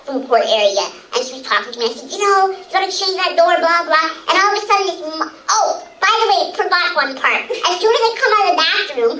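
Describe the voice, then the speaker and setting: A woman giving a keynote speech as a story, animated, laughing often and acting out the voices of people she quotes. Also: extremely high pitch, quick pace, few pauses. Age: adult. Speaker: keynote speaker. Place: event hall before an audience. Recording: echoey hall, heard from far off.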